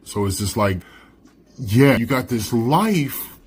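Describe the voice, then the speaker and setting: Speaking a little slowly in a mid-range, slightly rough voice, this man teaches literature in a laid-back classroom lecture. His delivery is expressive and conversational, and he keeps asking "right?" after almost everything he says.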